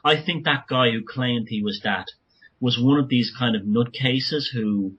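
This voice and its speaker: A man talking as a guest author on a podcast interview, speaking urgently in rapid bursts with many restarts. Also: medium pitch, breathy edge, lo-fi sound.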